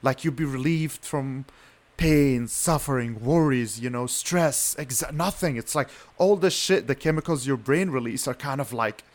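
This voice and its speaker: A man's voice: medium pitch, normal speed. Rambling young man, lots of "you know". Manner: rambling, heavy "you know" fillers, swears. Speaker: podcast co-host. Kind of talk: casual chat.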